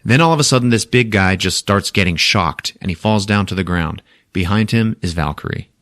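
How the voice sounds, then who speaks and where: A man's voice: lowish voice, fairly quick, a bit bright, no echo, studio quality. A man hosting a podcast, recapping a movie in a casual, profane way with frequent laughter. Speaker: podcast host.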